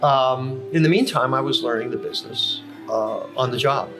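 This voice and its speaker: A man's voice: medium pitch, normal speed. An older man in a coffee house telling long career stories as a podcast guest, with many fillers and self-corrections. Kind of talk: casual storytelling. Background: music playing.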